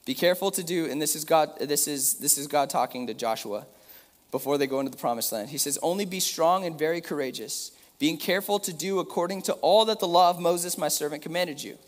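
A man's voice: on the high side, fairly quick, long reverb tail. A young man preaching a sermon in a casual, talky way, reading scripture passages aloud with emphasis.

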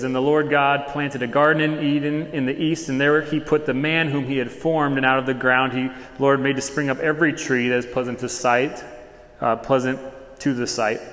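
A male pastor preaching a sermon in a relaxed, conversational way, acting out quick little dialogues as he goes. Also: medium pitch. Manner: casual conversational preaching with quick dramatized asides. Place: church hall. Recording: echoey hall with long reverb.

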